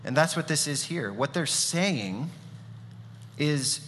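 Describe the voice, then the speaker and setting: Bright-voiced male pastor preaching in a hall. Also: fairly high pitch, lively intonation, slow, long pauses, a little hiss or hum. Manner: casual storytelling with fillers and asides. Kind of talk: sermon. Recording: long reverb of a large hall.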